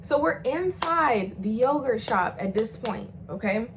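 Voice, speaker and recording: A young woman speaking tells a wild storytime in a loose, profane vlog voice. She keeps pushing the story along, often leaping into shrill, loud imitations of the people in it. Faint noise sits under the recording. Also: measured pace. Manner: animated, profane, swings into loud high acted quotes. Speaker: storyteller vlogger. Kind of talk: casual storytime chat.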